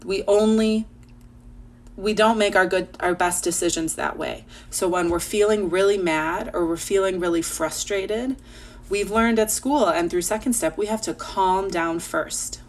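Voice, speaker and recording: A young woman teacher reading aloud and talking gently to young children at home. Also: medium pitch, a little hiss or hum.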